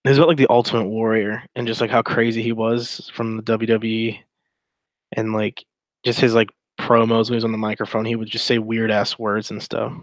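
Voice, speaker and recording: A man's voice: fairly low pitch, little pitch movement, a little fast, dry recording. Rambling sarcastic man, dry sound. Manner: rambling, filler-heavy, sarcastic. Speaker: streamer reading and mocking chat logs. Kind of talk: casual commentary.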